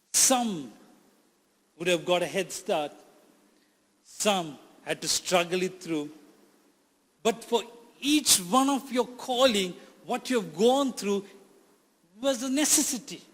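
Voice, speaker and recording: Man preaching with a high voice, emphatic, repeats lines, long echo of a hall. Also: sing-song, slow, pauses often. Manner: emphatic, repeats phrases for effect. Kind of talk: sermon.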